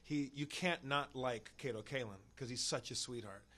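A man's voice: mid-range voice, moderate pace. A man telling a story on a podcast in a casual way, acting out the people he quotes. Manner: animated, acts out quotes. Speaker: podcast guest.

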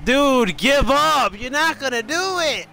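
A man's voice: very high voice, expressive, takes it slowly, vocal fry, a crowd in the background, poor audio. A young man in casual gaming chat, teasing his friend, laughing and swearing a lot.

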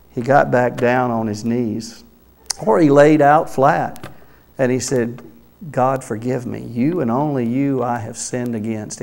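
A male pastor preaching a sermon in church, swinging between loud emphatic bursts and soft hushed phrases. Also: mid-range voice, gravelly. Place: church sanctuary.

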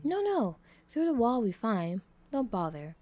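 Breezy teasing girl behind the wall, woman doing her, bit higher, game music playing. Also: big pitch swings, unhurried, warm tone. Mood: quick.

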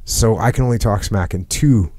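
A man with a very low voice hosts a podcast in relaxed conversation. He talks in a measured, deadpan way and teases dryly. The sound is close and dry, with no room echo. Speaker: podcast host. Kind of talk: casual chat.

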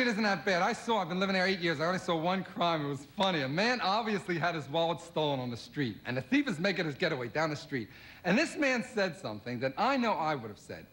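A man from Philadelphia doing a stand-up routine as a guest comedian, firing off quick observational jokes and quoted voices. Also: high-pitched, fairly bright tone. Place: television studio with audience.

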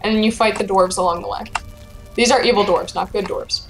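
A woman's voice: mid-range voice, steady tone, brisk, soft background music. A young woman hosting casual gameplay chat, chatty and helpful as she guides a friend and playfully reads game lines aloud. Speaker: gameplay host guiding a friend.

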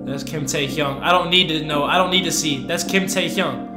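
A young man giving casual reaction commentary, excitable and gushing, with slangy talk that swings from hushed to loud. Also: on the high side, normal speed. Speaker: reaction video host. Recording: echoey room with music playing behind.

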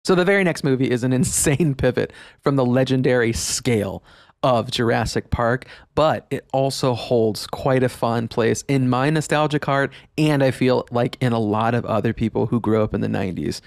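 A man's voice: medium pitch, moderate pace, vocal fry, dry recording, clean studio sound. A man, hosting a nostalgic podcast monologue, enthusiastic and emphatic, laughing often as he talks. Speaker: podcast host.

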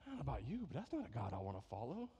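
A man's voice: medium pitch, huge pitch swings, very fast, warm tone, slight background noise. A man preaching a sermon as pastor, in a conversational way that keeps checking in with "right?". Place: church sanctuary. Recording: echoey hall reverb.

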